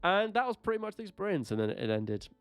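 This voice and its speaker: A man's voice: high-pitched, very animated, fast talker, clear, resonant tone. A man co-hosting a casual podcast, rambling through stories, laughing often and swearing freely. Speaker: podcast co-host. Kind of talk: casual chat. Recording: dry with faint music.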